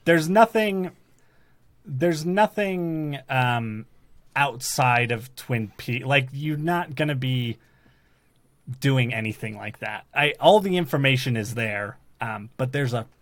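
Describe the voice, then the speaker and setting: A man's voice: mid-range voice, lively intonation, slow pace, dry recording. A man chatting on a podcast, talking through details of a show he has watched, circling back and restarting sentences as he thinks. His voice sits mid-range for a man. The sound is dry and close, with no room around it. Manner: analytical, rambling with restarts. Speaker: podcast host. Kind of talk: casual chat.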